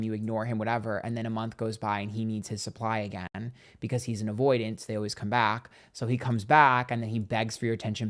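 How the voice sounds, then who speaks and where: Chatty gossipy man on a livestream. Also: lowish voice. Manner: chatty and gossipy, acts out quotes, reads donations aloud. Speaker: psychic tarot livestream host. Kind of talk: casual livestream storytelling.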